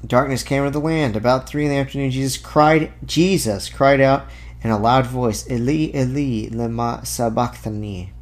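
At a moderate pace and in a mid-range voice, this man delivers a relaxed apologetics talk as a Christian apologist. Between scripture readings he interrupts himself with offhand remarks and fillers.

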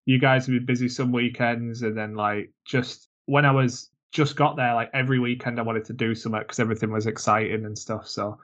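A man's voice: mid-range voice, steady tone, fairly quick, few pauses, fairly bright tone. Casual joking man, slightly muffled. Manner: casual, joking, many fillers. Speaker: podcast co-host. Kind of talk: casual chat.

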